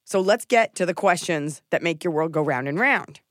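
A woman's voice: fairly low pitch, lively intonation, moderate pace, no room sound, clean studio sound. A woman hosting a comedic podcast, chatting in a playful, jokey, rambling way. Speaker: podcast host. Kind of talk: casual comedic podcast chat.

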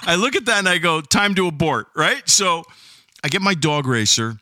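A man in casual chat, telling a story with excitable, animated energy. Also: a little high, normal speed, dry recording, studio quality. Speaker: storyteller being interviewed.

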